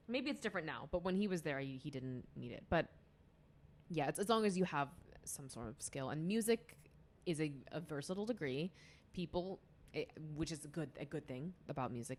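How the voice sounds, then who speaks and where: A woman's voice: low voice, darkish tone. A young woman chatting casually as a podcast guest, rambling with lots of fillers and restarts. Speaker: podcast guest, music student. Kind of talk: casual chat.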